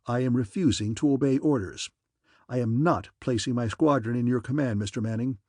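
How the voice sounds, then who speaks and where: A man's voice: mid-range voice, fairly quick, a little mellow, dry recording, studio quality, natural voice. A man reading a stern male squadron commander who speaks in a clipped, commanding way.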